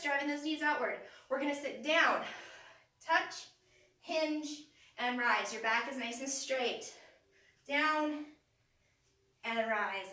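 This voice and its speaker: A woman's voice: sits high, bright, forceful tone. A woman in her thirties leading a live home workout, upbeat, cueing moves and counting down, a little out of breath. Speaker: fitness instructor. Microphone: phone camera from across the room. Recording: echoey room, voice far from the phone.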